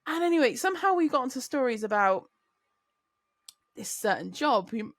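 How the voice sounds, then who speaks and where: A woman co-hosting a podcast, telling a story in casual chat, animated and swearing freely. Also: sits high, moderate pace, no echo, studio quality. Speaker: podcast co-host, truck driver.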